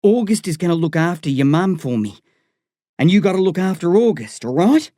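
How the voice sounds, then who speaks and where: A man's voice: high voice, sing-song, fairly quick, warm tone, no room sound, studio quality, pitched above the performer's own voice. A man voicing a firm, weary working man who sounds stern but tender.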